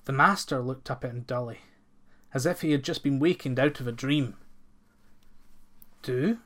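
A man narrating a folk tale in a steady, measured storybook reading. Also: medium pitch.

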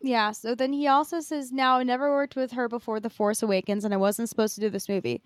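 A woman's voice: on the high side, fairly even intonation, fast, no room sound, studio quality. A woman co-hosting a podcast, recapping news in casual chat with many fillers. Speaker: podcast co-host.

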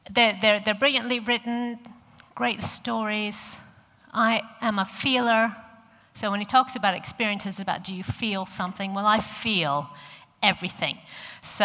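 A woman's voice: medium pitch, long reverb tail. An American woman in her fifties giving a sermon, chatty and earnest with personal stories. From USA. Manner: warm, chatty and earnest, with many fillers. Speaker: church speaker.

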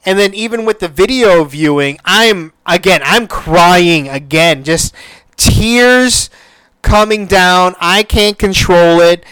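Slow-talking, emotional man host. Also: high voice, fairly bright tone, smooth, no room sound. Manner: emotional, swearing, rambling with many restarts. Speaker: podcast host. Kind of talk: casual solo chat.

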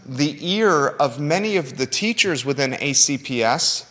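A man's voice: fairly high pitch, expressive, measured pace, pushed and bright, big-room sound. A man hosting a local talk show, speaking earnestly and conversationally, at times emotional. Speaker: radio show host. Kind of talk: talk radio monologue.

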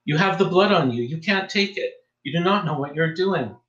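A man's voice: medium pitch, normal speed, a bit bright, recorded from a distance, dull audio, lightly acted. A man voicing an old village priest in his seventies, earnest and urgent, recorded with a roomy echo. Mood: pleading.

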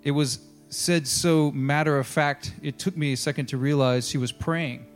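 A man pastor preaching a sermon, telling a story with lively asides and reading passages aloud. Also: a little high, moderate pace, soft background music. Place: church.

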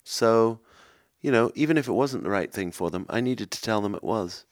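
A man who is a comedian hosting a podcast, rambling through absurd improvised chat in a deadpan way with lots of restarts. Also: fairly low pitch, moderate pace, no room sound, clean studio sound.

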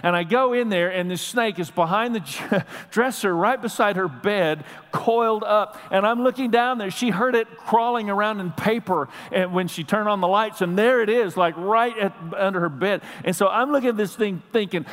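Man, very high voice, pastor's sermon, animated, reverberant church hall. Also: moderate pace. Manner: animated storytelling, builds to shouting. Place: church sanctuary. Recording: long reverb of a large hall.

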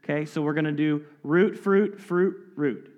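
A man with a high voice preaches an expository sermon from the pulpit. He reads scripture, then drives each point home with emphatic asides and sudden drops to near quiet. His voice rings with the long echo of a large hall. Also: measured pace. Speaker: pastor.

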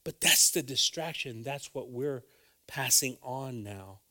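A man's voice: medium pitch, slow, pushed and bright. A man preaching a sermon in an earnest, emphatic way, repeating phrases for weight.

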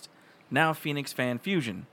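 A man's voice: mid-range voice, lively intonation, moderate pace, a bit bright. A man chatting casually on a panel, agreeable and stammering through restarts.

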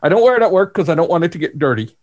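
A high-pitched man, middle-aged, hosting a casual podcast chat. He tells stories in an animated way and breaks into laughter often. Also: rapid-fire. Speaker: podcast host.

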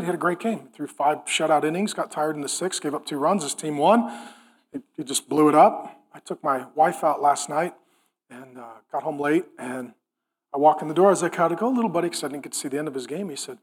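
A middle-aged man preaching a sermon. He speaks emphatically and drops to a hushed, intimate tone for stories. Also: fairly high pitch, brisk, husky. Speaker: pastor.

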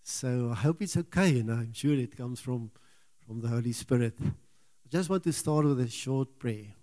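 Halting preacher, man with mellow voice. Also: mid-range voice. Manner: halting, repeats words, earnest. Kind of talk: sermon.

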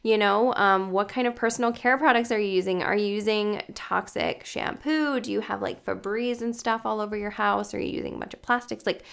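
A woman's voice: medium pitch, fairly quick, gravelly, few pauses, a bit bright, clear, resonant tone. A woman talking casually as a health coach on a livestream, chatty and full of "like" and "you guys", greeting viewers by name as they join.

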